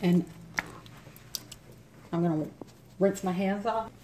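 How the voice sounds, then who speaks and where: Her mouth still numb after a dentist visit, a woman chats her way through a recipe in her home kitchen, explaining each step as she goes. Her voice is mid-range and dark, and she speaks slowly. Kitchen clatter fills the recording.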